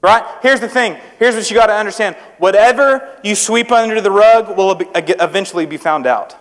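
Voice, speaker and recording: Young man, youth pastor, high-pitched, conversational sermon, reverberant church hall. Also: moderate pace. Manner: conversational, humorous, asks the crowd questions. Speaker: youth preacher. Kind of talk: sermon to students. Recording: echoey hall with long reverb.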